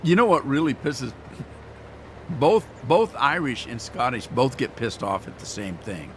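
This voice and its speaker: Male gaming streamer, folksy and rambling, scratchy throat he keeps clearing, casual live chat. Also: mid-range voice, lively intonation, a little slow. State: throat irritated, clearing throat often. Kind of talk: casual chat to live viewers while playing.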